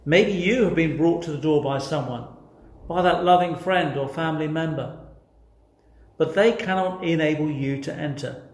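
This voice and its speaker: A man's voice: fairly high pitch, normal speed. A man preaching a sermon, earnest and emphatic, putting rhetorical questions to his listeners. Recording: echoey room.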